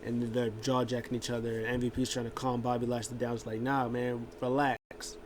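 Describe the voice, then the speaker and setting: A man's voice: medium pitch, monotone, quick pace, a little mellow, slight background noise. A man casually recapping a wrestling show, rambling with lots of filler words and restarts.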